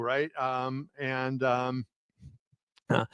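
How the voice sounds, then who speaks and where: A man's voice: medium pitch, flat delivery, takes it slowly, fairly bright tone, smooth, dry recording, lo-fi sound. A man hosting a live stream as a boxing journalist, telling stories with many fillers and restarts and acting out quotes with a raised voice. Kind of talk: casual live-stream storytelling. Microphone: home setup on a live video stream.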